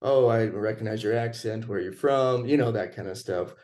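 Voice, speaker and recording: A man's voice: fairly low pitch, normal speed, darkish tone. A young man telling a personal story in a casual chat, laid-back and chuckling as he goes.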